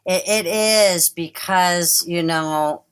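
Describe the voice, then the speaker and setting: A woman who works at a dog park and gallery, chatting in an interview, full of "you know" and soft laughs. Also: on the low side, slow, smooth. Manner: warm storytelling with frequent "you know" and light laughs. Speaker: staff member at Dog Mountain. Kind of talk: casual interview conversation.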